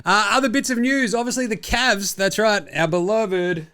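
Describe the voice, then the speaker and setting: A man's voice: sits high, normal speed, pushed and bright, smooth. A young Australian man hosting a casual sports chat show, jokey, rambling and full of swearing. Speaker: podcast host.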